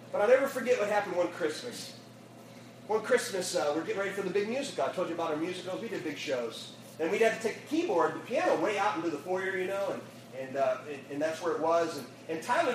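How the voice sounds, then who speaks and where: A man, a youth pastor, telling a lively story in a sermon and acting out the voices, laughing as he goes, then closing in prayer. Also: sits high. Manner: animated storyteller, acts out quotes, laughs often. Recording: echoey room, distant mic, audible noise.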